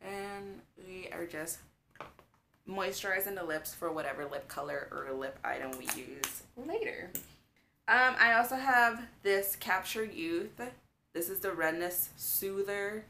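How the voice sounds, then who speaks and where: A woman's voice: medium pitch, unhurried, sharp tone, slight background noise. A young woman chatting casually in a makeup tutorial, gushing with lots of fillers. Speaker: beauty vlogger.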